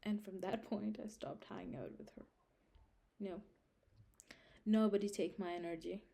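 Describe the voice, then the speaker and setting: Her voice is mid-range, gravelly and dark, with a steady tone and moderate pace as this young woman vlogs casual life advice to camera. She emphasizes and repeats her points, checking in often with "Understand?"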